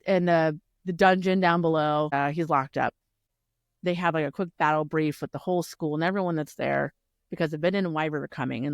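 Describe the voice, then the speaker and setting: A woman co-hosting a book podcast, retelling the story in an animated, casual way with lots of laughter. Her voice sits a little low. The sound is dry and close. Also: no room sound. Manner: animated recapping with laughs and acted quotes. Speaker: podcast co-host.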